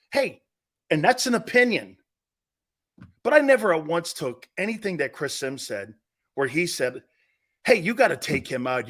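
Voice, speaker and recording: A man's voice: fairly high pitch, a bit bright. A man hosting a sports talk show, ranting with emphatic, combative opinions and repeating himself for emphasis.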